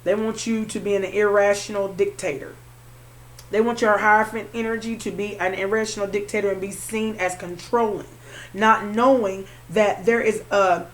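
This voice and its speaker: A woman doing a tarot card reading for her viewers, calling the listener honey and repeating her phrases. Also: on the high side. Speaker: tarot reader.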